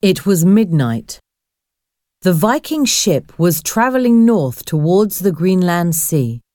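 Slow, mellow woman narrating a storybook. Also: medium pitch, no room sound, clean studio sound. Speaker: audiobook narrator. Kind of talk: slow graded-reader narration.

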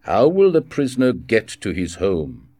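A man's voice: fairly low pitch, very animated, normal speed, dark tone, no echo. A man reading a storybook voices a blunt prison governor, speaking in a brusque, commanding way.

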